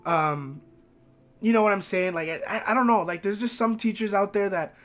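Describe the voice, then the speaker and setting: Young male streamer, high voice, casual and profane. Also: moderate pace, a bit bright. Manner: rambling, profane storytelling. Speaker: game streamer.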